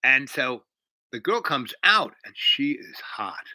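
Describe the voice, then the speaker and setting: A man retells a story in a loose, casual way, looping back through fillers and half-finished sentences. His voice is bright and forceful, and the sound is dry and close. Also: mid-range voice, big pitch swings, slow, no echo, rough recording. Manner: rambling, many fillers and restarts. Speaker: host.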